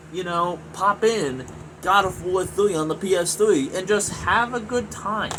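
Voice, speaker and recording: A man's voice: high-pitched, background noise. A man in his twenties ranting angrily about gaming, swearing often and rambling with lots of fillers and restarts. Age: 20s. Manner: profane, frustrated, rambling with many fillers. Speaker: gaming video reviewer. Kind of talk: angry ranting monologue.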